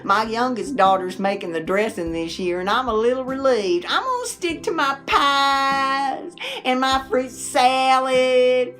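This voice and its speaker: A middle-aged woman, telling folksy stories to camera in a chatty, animated way and laughing often. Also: high-pitched, a little slow, soft background music. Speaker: vlogger.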